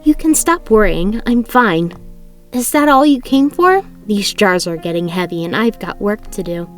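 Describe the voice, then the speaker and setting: A brisk, no-nonsense young princess from a storybook, crisp and matter-of-fact in a mid-range voice, as a woman reads her lines. Soft music hums faintly underneath. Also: mid-range voice, sing-song, natural voice. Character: brisk, practical young princess, easily annoyed.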